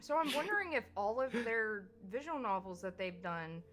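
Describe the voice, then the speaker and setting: Bright, high-voiced woman streamer. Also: lively intonation, normal speed. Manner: hesitant, many fillers and restarts. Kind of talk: casual gaming chat. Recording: faint background music.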